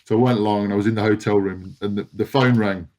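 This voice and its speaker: A man's voice: fairly low pitch, fast. A man in his forties from England, a retired rugby player guesting on a podcast, telling stories with lots of laughter, swearing and stumbles. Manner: animated anecdote-teller, laughs often, swears, stumbles over words. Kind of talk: casual storytelling chat.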